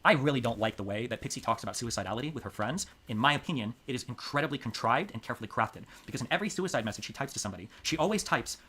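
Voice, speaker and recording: A man streaming live, talking through court transcripts in quick, emphatic commentary, his voice jumping up in indignation to drive home his points. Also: mid-range voice, lively intonation, pushed and bright, husky.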